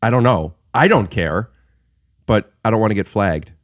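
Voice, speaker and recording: A man's voice: lowish voice, lively intonation, moderate pace, no echo, clean studio sound. A man hosting a podcast in casual chat, rambling and restarting his sentences with lots of fillers. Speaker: podcast host.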